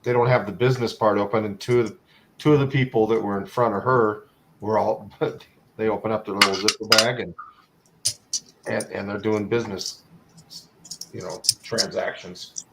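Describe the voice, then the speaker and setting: A man's voice: on the low side, steady tone, moderate pace, gravelly, long pauses, background noise. An American man in casual chat, rambling and repeating his words. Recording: loud kitchen clatter behind.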